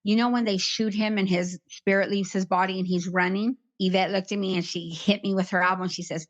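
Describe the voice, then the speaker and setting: A woman's voice: medium pitch, steady tone, brisk. Female guest, fifties, rambling personal recollection, muffled lo-fi audio. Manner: rambling, jumps between memories. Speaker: interview guest.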